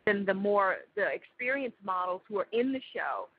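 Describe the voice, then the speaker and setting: A woman's voice: medium pitch, animated, moderate pace, slight background noise. A woman guest in an interview, telling a vivid story with many fillers. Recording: dull lo-fi audio.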